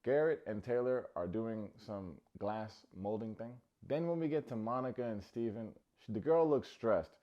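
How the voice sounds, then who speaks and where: A man hosts a comedic recap of a TV show, tossing out sarcastic jokes and teasing asides. His voice sits fairly low, and the recording sounds a little dull and lo-fi. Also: normal speed, hardly any pauses. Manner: playful, sarcastic, jokey asides. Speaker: recap host.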